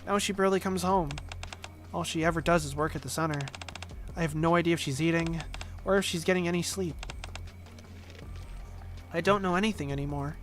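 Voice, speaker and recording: A man putting on a soft young girl voice. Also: steady tone, fairly quick, long pauses, faint music behind, natural voice. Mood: wistful. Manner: slightly raised pitch with upward inflection. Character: young girl talking to her injured father.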